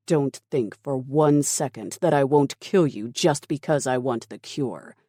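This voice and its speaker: Casting: narrator doing a cold, dismissive commander, slow and dark, menace kept quiet. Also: medium pitch, no echo, studio quality, lightly acted. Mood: menacing. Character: ruthless calm male military commander.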